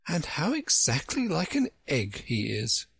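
Male reader doing a curious, courteous young girl, soft and lifted pitch, a little raspy. Storybook. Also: wildly swooping pitch, unhurried, dry recording, heavily acted. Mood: gentle. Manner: gentle and polite. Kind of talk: storybook reading.

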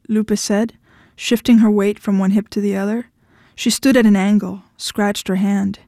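A woman narrating fiction aloud in a measured, even way. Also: mid-range voice, no room sound, studio quality.

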